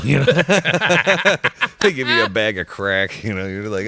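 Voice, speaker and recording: A man in his thirties chatting casually, telling animated stories and laughing often. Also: mid-range voice, a little slow, dry recording. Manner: animated storyteller, laughs often, slips into impressions. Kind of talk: casual chat.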